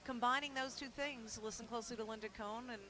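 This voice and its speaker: A middle-aged woman with a thick New York accent chats as a guest on a radio show. Her voice is very bright and forward. She talks in a quick, sarcastic, animated way. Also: a little high. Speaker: sportscaster guest. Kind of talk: casual radio interview.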